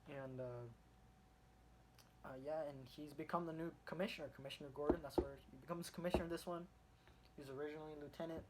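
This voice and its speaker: Rambling, excitable man reviewing comics. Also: fairly high pitch, fast, background noise. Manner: rambling, full of fillers and restarts; excited retelling of the story.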